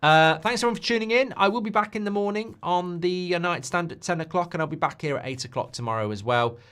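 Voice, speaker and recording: A man speaks quickly in a high, clean, slightly bright voice during the live football watchalong stream he hosts. His talk is casual and unplanned, and he answers whatever viewers request.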